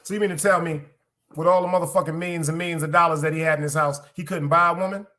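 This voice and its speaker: A man with a Brooklyn accent hosts a live stream, talking loose and profane straight to his viewers. His voice is bright and sits a little high, with a forceful edge. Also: steady tone, very fast. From Brooklyn, New York. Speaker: podcast host streaming live. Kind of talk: casual live-stream chat.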